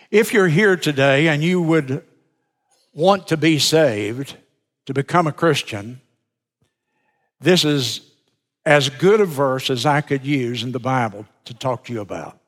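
A man preaching a sermon as pastor, slow and deliberate, leaning on repeated words for emphasis. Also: medium pitch. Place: church sanctuary. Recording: long reverb of a church sanctuary.

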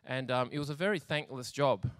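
A man's voice: medium pitch, fairly quick, fairly bright tone, dry recording, clean studio sound. A man giving a sermon in a chatty, humorous storytelling way, laughing often and acting out little scenes. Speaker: preacher.

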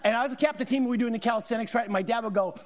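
A man's voice: extremely high pitch, rapid-fire, a little hiss or hum. A middle-aged man, a guest pastor, preaching a sermon in a conversational, storytelling way with emphatic repetition. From Southern California.

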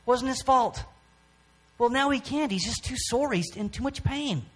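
Man, church testimony, halting, high voice, many restarts. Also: breathy edge. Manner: halting, with frequent restarts and pauses. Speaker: church speaker. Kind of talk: personal testimony sermon.

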